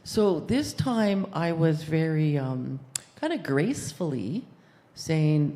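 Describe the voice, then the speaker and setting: Woman in her sixties, low voice, chatty and laughing, congregation share in a reverberant hall. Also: very animated, slow, dark tone. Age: 60s. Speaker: congregation member sharing. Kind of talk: casual personal sharing. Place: church hall.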